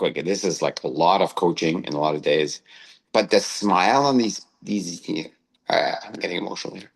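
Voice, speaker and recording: Low-voiced man telling a story. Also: poor audio. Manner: anecdotal, tags phrases with "right?". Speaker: co-host. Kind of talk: casual storytelling chat.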